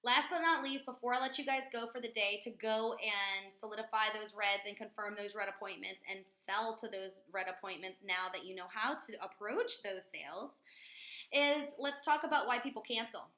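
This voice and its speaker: A woman giving a chatty, energetic sales training webinar from a corporate office, with plenty of fillers. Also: mid-range voice, moderate pace. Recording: echoey room.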